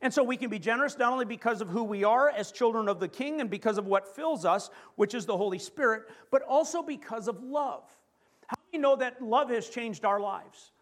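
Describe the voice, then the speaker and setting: Man, Canadian accent, high-pitched, preaching, emphatic pauses, rhetorical questions. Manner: lively preaching with rhetorical questions and stressed slow phrases. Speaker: pastor. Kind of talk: sermon.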